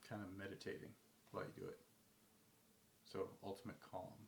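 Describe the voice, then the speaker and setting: A man's voice: deep voice, flat delivery, fairly quick, creaky, roomy sound, slight background noise. A man giving casual advice, rambling with many fillers and restarts, sometimes acting out phone calls. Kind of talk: casual talk to camera.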